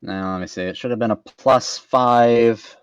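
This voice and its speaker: A man's voice: mid-range voice, measured pace, clean tone, dry recording, muffled recording. A man playing a tabletop game, thinking aloud as he explains his moves. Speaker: player.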